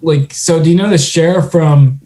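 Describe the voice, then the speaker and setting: A young podcast co-host, his voice fairly high and mellow, rambles through stories at a moderate pace in casual conversation, with lots of fillers and restarts.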